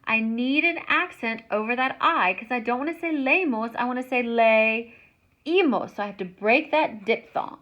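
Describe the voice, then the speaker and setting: A woman teaching a Spanish grammar lesson, explaining slowly and stretching words out to show how they sound. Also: a little high, lively intonation, sharp tone, dull audio.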